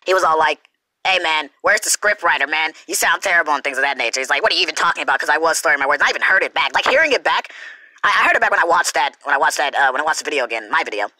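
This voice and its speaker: A woman's voice: low voice, animated, very fast, pushed and bright, no room sound, rough recording. A young woman hosting an unscripted response video, rambling and correcting herself as she talks. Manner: rambling, self-correcting, frequent laughs. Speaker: YouTube reaction host.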